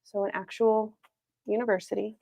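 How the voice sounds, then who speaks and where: A woman's voice: mid-range voice, level tone, moderate pace, gravelly, dark tone, dry recording. A woman hosting a casual livestream product reveal, chatty and upbeat, laughing often. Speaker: planner shop owner hosting a livestream. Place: Arizona.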